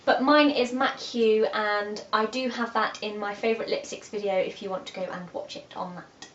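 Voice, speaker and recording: Giggling as she goes, a young woman beauty vlogger casually chats about her makeup favourites in a mid-range, fairly bright voice with fairly even intonation and moderate pace. It's recorded in an echoey, dull room with faint hiss.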